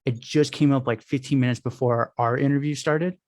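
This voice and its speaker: A man's voice: mid-range voice, fairly even intonation, a little mellow, no room sound. Rambling man on a dry video call. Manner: rambling, storytelling, quick restarts. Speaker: podcast guest. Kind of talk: casual interview chat. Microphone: video call on phone.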